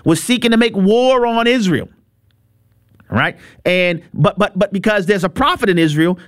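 A man preaching on a radio appeal, emphatic and animated, often repeating words in quick bursts and making playful asides. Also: high voice, no echo, clean studio sound.

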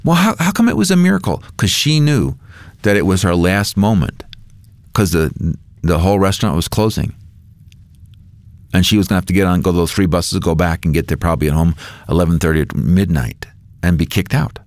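A man being interviewed as a guest author, telling a story with lively, acted-out dialogue. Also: deep voice, fairly quick, dry recording, studio quality. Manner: lively storyteller who acts out quoted dialogue.

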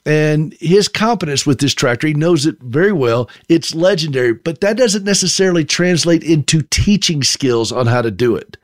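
A man's voice: on the high side, expressive, moderate pace, few pauses, no room sound, studio quality. A middle-aged man from South Carolina with a Southern accent, telling a folksy, self-deprecating story as a monologue.

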